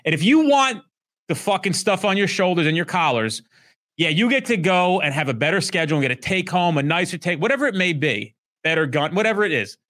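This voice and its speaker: A man with a slightly high voice talks in a blunt, profane, animated way in a casual podcast chat. He runs a police training company and acts out quoted talk in loud bursts. The sound is dry and close. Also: a little fast, no room sound.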